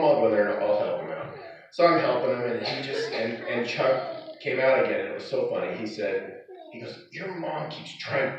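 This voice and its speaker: A man speaking at his father's funeral, rambling through anecdotes with many fillers and restarts. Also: medium pitch. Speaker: son giving a eulogy. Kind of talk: informal eulogy with anecdotes. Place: funeral service hall. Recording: echoey hall, far from the mic, dull.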